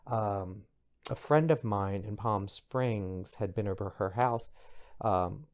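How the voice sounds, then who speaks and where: A middle-aged man hosting a podcast, chatting in a gossipy, expressive way with bursts of high exclamation. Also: slow pace. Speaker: podcast host. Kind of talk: casual pop culture commentary.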